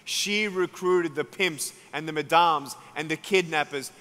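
A man with an Australian accent, preaching a sermon as an evangelist and telling a story, acting out each person's words and building to loud climaxes. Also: fairly high pitch, unhurried. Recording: long hall reverb.

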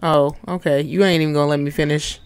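Gravelly gamer talking back to the screen, joking around, dead dry sound. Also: medium pitch, fairly even intonation, quick pace, no echo. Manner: playful, jokey, talks back to game characters with slang. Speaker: gaming channel host. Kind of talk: casual gameplay commentary.

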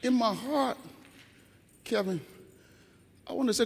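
High-voiced man preaching in a reverberant church. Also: unhurried, a little hiss or hum. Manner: preaching cadence, shouts and half-sung lines. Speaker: church leader giving testimony. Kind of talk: testimony rising into shouted praise. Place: large church sanctuary. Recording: long church reverb, faint organ music.

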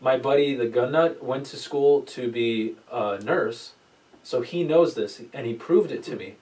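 A man on a casual podcast spins a rambling, profane story, raising his voice when he quotes friends. He sits a little away from the mic, so he sounds distant. He talks at an everyday middle pitch. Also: unhurried. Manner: rambling storyteller, swears a lot, animated quoting. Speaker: podcast host. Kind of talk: casual chat.

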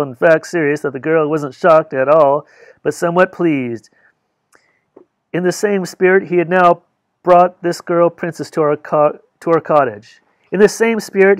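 A man reading a novel aloud as an audiobook, in a measured storytelling manner. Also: fairly high pitch, no room sound. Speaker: audiobook reader. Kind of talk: audiobook narration.

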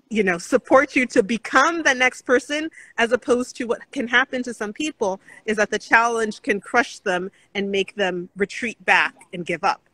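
Woman podcast host, bright forceful voice, earnest and encouraging, casual chat. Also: fairly high pitch, no room sound, low-quality recording. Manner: earnest, encouraging, faith-centred, with restarts.

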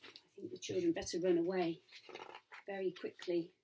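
A woman's voice: fairly low pitch, little pitch movement, moderate pace, long pauses, mellow, slightly rough. A woman, a children's author, reading her picture book aloud and talking to young listeners about the pictures. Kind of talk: storybook read-aloud for children.

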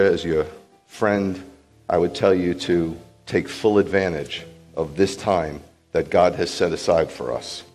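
In a large hall, a rabbi with a low-sitting voice gives a sermon to the gathered congregation. He teaches with animation, putting questions to the room and frequently checking whether his listeners follow.

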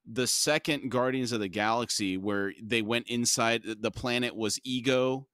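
A man in the middle pitch range co-hosts a book podcast, explaining scenes in a steady, measured way. The recording is dry and close, with no room sound. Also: no echo. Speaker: podcast co-host. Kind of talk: book discussion podcast with read-aloud passages.

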